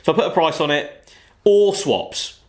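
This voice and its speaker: A man spinning a car-swap yarn in a relaxed, meandering way, forever slipping in "you know". His voice sits a touch higher than most men's. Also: moderate pace. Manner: rambling, peppered with "you know". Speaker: car channel host. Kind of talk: casual storytelling.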